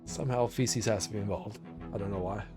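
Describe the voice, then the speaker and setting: Over music, a man with a lowish voice talks quickly while streaming a game. He's relaxed and chatty, chatting with viewers as he picks options in casual livestream commentary.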